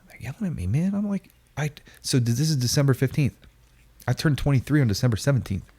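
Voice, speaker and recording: A man in his forties telling a story casually on a podcast, slangy and animated, acting out the voices of the people in it. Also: medium pitch, a little fast. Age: 40s. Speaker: podcast guest.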